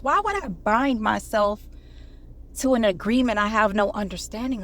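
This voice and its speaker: A woman's voice: fairly high pitch, animated, normal speed, fairly bright tone. A woman giving a casual motivational talk, preachy and conversational, quoting scripture and addressing her viewers directly. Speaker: online commentator.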